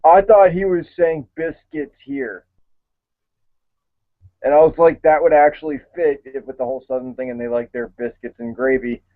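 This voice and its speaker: A man's voice: a little high, steady tone, brisk, few pauses. A man hosting a casual chat, conversational and a bit hesitant, with fillers. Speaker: show host. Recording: tinny phone-like line.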